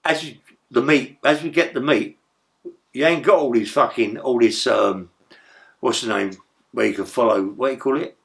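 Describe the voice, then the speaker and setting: An older man, telling rough stories in a rambling, profane way as an interview guest. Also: medium pitch, normal speed, a bit bright. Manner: rambling, profane, tag questions like "yeah?". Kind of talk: storytelling in a casual interview.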